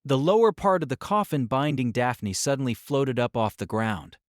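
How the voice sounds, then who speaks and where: Expressive male audiobook narrator. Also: mid-range voice, normal speed, dry recording, studio quality. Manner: dramatic, expressive storytelling.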